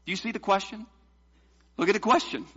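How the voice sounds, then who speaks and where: A man's voice: sits high, brisk, bright, forceful tone, husky, dull audio. A man preaching a sermon, pressing points home with rhetorical questions to the congregation. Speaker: pastor.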